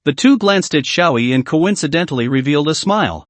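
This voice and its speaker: A man narrating a fantasy story in a scripted recap, reading in a brisk, animated way. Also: fairly high pitch, dry recording.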